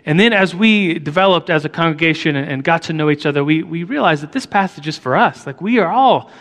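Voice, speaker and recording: A man preaching a sermon as a pastor, earnest and halting, often restarting his sentences. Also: a little high, lively intonation, fairly bright tone, in a large hall.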